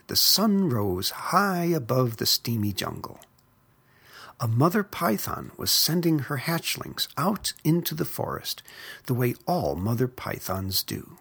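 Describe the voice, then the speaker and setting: In this storybook read-aloud, a narrator takes an expressive, leisurely pace through a children's picture book. The mid-range voice is creaky with a breathy edge.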